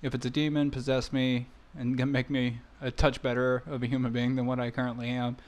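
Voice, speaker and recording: A man's voice: medium pitch, little pitch movement, brisk. A man hosting a crude casual podcast, rambling and swearing between laughs. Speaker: podcast host.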